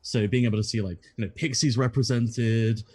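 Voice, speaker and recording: A man's voice: medium pitch, breathy edge. A man who is a guest on a gaming podcast, chatting casually and animatedly. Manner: quick, animated, laughs at his own points.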